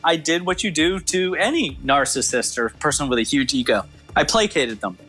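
Male former agent, animated storyteller, higher-pitched, soft music bed. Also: moderate pace, slightly rough. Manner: acts out quoted dialogue with lively shifts. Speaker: former FBI agent telling his story.

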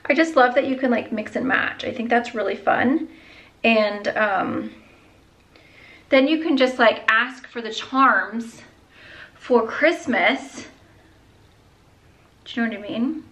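A woman's voice: fairly high pitch, slow pace, pauses often, a bit bright, rough recording. A young woman vlogging about her jewelry in a gushing, chatty way, with gasps and whispered asides. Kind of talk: casual chat.

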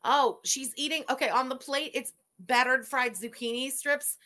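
A woman's voice: high voice, moderate pace, pushed and bright. A woman host giving sarcastic, disgusted reaction commentary over a video.

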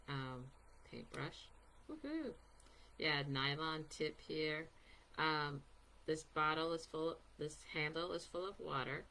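Low-voiced lady chatting through a paint demo, lots of ums, faint room hiss behind. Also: gravelly, pushed and bright. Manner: chatty, rambling, many ums, giggles to herself. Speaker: artist giving a painting demo. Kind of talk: casual live art demonstration.

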